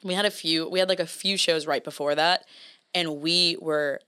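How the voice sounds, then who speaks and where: A woman's voice: deep voice, fairly even intonation, normal speed, sharp tone, clear, resonant tone. A young American woman from Nashville, a guest musician, chatting casually and laughing easily on a podcast. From Nashville, USA.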